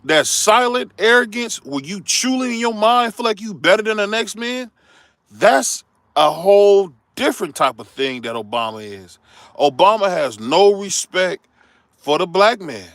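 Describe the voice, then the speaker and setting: A man's voice: high-pitched, sing-song, a little slow, fairly bright tone, dry recording, clean studio sound. A middle-aged man, hosting a heated, preachy opinion rant that turns confrontational. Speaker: commentary show host.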